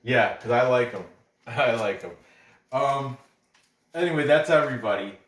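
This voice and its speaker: A man's voice: medium pitch, moderate pace. A man hosting a casual show on fight betting picks, rambling, trailing off and restarting his sentences. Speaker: MMA betting picks host. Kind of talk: casual chat. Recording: roomy echo.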